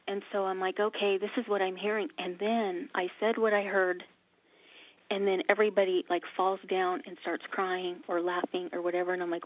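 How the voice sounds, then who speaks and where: A woman's voice: mid-range voice, moderate pace. A woman hosting a faith talk show, telling stories and acting out the dialogue in them. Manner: animated, acts out quoted dialogue. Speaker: host. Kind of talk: casual faith conversation, storytelling. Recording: tinny phone-like line, dry.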